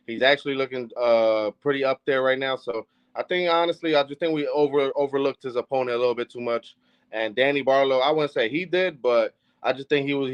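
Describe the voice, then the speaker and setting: A man's voice: mid-range voice, clear, resonant tone, dry recording. A man co-hosting a podcast in casual chat, thoughtful, correcting himself as he goes. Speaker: podcast co-host. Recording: dry, slightly dull mic.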